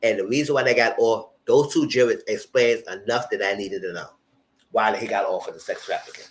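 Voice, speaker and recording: A man's voice: fairly low pitch, a little fast, slight background noise, rough recording. A man hosting a live vlog, ranting with heated, emphatic and profane commentary. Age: adult, past graduate school. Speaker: vlog host.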